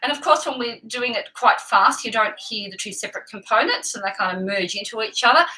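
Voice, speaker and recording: A woman singing teacher who explains technique patiently and clearly, breaking off to sing short examples. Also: a little high, animated, a little fast, sharp tone, low-quality recording. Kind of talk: vocal lesson with sung demonstrations.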